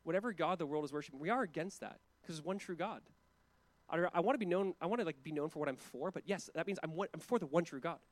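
Fast-talking, high-voiced male pastor. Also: lively intonation, no room sound. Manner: conversational and emphatic, with asides and chuckles. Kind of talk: sermon.

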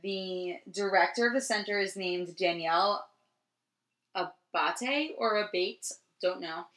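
A woman from New Jersey rambles through a story as a podcast co-host, swearing freely and peppering it with ums. Her voice is bright and clear, and the room gives it a noticeable echo. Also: mid-range voice, takes it slowly. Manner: rambling and profane, many ums, laughs easily. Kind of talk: casual storytelling chat. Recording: roomy echo.

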